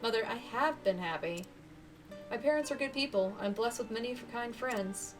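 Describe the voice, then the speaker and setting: A woman's voice: a little high, moderate pace, distant mic, over music, lightly acted, rough recording. A woman voicing an earnest young heroine. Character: young woman reunited with her mother, earnest.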